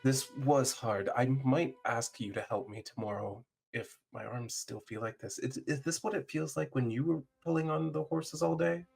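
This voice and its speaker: A man's voice: mid-range voice, moderate pace, vocal fry, hardly any pauses, darkish tone, breathy edge, soft background music, pitched above the performer's own voice. A man voicing a weary woman caravan driver. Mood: tired. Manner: sighing, tired, brushing off sadness. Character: weary female caravan driver with sore arms.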